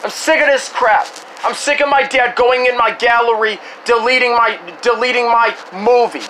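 A man's voice: very high-pitched, moderate pace, bright, forceful tone, a little hiss or hum, low-quality recording. A man in an angry rant, swearing heavily and stumbling over repeated restarts. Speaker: vlogger. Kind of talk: angry ranting to camera.

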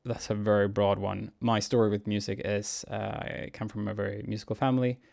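A young man, a cellist answering viewer questions in a relaxed, musing Q&A vlog, chuckling often. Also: lowish voice, brisk, gravelly. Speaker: cellist and YouTuber. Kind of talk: casual Q&A vlog.

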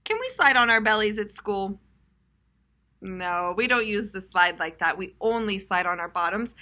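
A young woman teacher reads a children's picture book aloud in a bright, ringing voice. She sounds out tricky words slowly and guides young listeners in a playful, encouraging classroom manner. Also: medium pitch, lively intonation.

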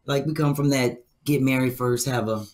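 A woman's voice: very deep voice, fairly even intonation, moderate pace, a little mellow. A woman filling in as a podcast co-host, sassy and blunt, who swears freely. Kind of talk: casual chat.

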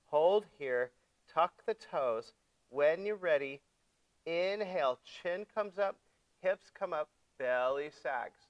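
A man teaching a yoga class, giving gentle step-by-step cues for breath and poses, playful with his young students. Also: a little high, expressive, slow, dry recording, highs cut off. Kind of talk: guided yoga class instruction.

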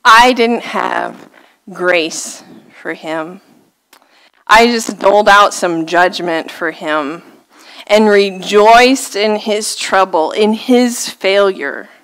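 A woman's voice: medium pitch, takes it slowly, a bit bright, low-quality recording. A woman, preaching a sermon and telling a story on herself with self-deprecating laughter.

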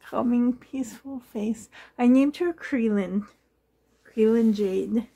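Woman, fairly high voice, slow, rambling, gushing, laughing often, home nursery. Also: vocal fry, mellow, husky. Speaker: doll collector vlogger. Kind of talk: casual rambling vlog chat.

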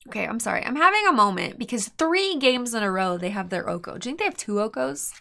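A woman's voice: on the high side, sing-song, fast talker, vocal fry. Exasperated woman venting over gameplay. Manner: frustrated, exasperated venting with sighs; swings between muttered asides and loud outbursts. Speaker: streamer drafting and playing a card game. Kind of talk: live gameplay commentary.

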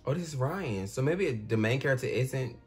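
A man giving casual, expressive commentary as he reacts out loud to a war movie. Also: mid-range voice, normal speed, over loud music. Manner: expressive, talks back at the screen. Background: war film soundtrack playing.

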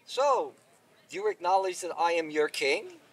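A man's voice: sits high, wildly swooping pitch, measured pace, creaky, full character voice. A man voicing a just, commanding king who speaks in formal courtly phrases, recorded from a distance outdoors. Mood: curious. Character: stately middle-aged male king, just and commanding.

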